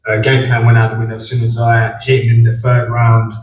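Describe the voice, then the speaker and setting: Young boxer guy, monotone, lots of ums, echoey far mic. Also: mid-range voice, noisy background. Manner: flat, measured, with many ums. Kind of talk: press conference answers. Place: press conference room. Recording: echoey room from far off with faint ambience.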